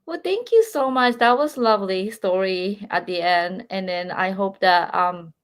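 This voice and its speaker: A woman's voice: mid-range voice, measured pace. A woman hosting a podcast, closing an interview politely with grateful words and a few hesitant fillers. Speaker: podcast host. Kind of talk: interview wrap-up.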